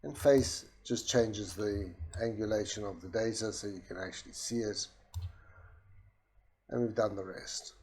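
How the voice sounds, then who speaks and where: A man walking through a software demonstration in a steady explanatory way, with a soft voice that does not carry far. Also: lowish voice, a little slow. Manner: steady explanatory, with restarts and voice commands. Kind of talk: screen-recorded product demo.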